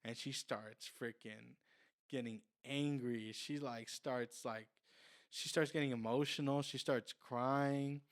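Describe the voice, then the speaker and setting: A man's voice: medium pitch, fairly even intonation, slow. A young man, a car salesman on a podcast, telling a long story casually, with lots of fillers and restarts. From Mexican heritage.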